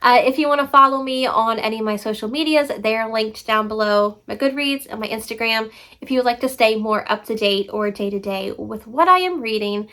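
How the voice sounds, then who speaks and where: A woman's voice: a little high, fairly quick, pushed and bright. A young woman book vlogger chatting casually and enthusiastically about novels she has read, tripping over words now and then. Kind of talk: casual book review vlog.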